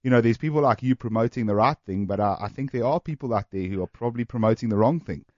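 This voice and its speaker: A man's voice: medium pitch, fast talker, no echo. A man hosts a radio health show, chatting casually with many fillers and restarts. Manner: relaxed, filler-heavy, stumbling restarts. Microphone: studio microphone. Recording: slightly dull radio studio sound.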